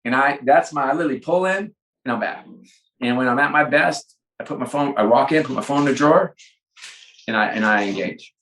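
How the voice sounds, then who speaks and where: A man's voice: mid-range voice, fairly quick, slight background noise. A middle-aged man, a business leader, talking in an interview, telling stories and acting out the dialogue. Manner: animated storyteller, acts out dialogue. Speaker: sports executive guest. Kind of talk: conversational interview. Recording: roomy echo.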